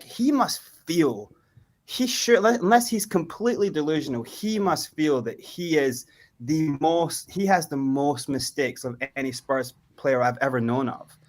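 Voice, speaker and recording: A man talking as a fan guest on a video call, casual and energetic, laughing often. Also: fairly high pitch. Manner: laughing, energetic, breaks into loud chant-singing. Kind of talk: casual chat.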